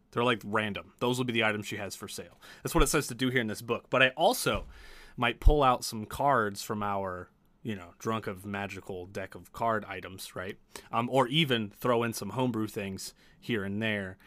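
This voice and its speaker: Bright-voiced male game master. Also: fairly low pitch, no room sound. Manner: casual, swearing, laughing often. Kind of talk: running a tabletop game.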